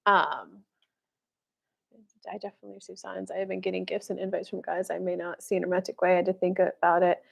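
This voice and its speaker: A woman's voice: lowish voice, flat delivery, fast talker, gravelly. A woman in her thirties, a spiritual dating coach, chatting casually on a live stream and answering viewers, full of "like" fillers and blunt casual swearing.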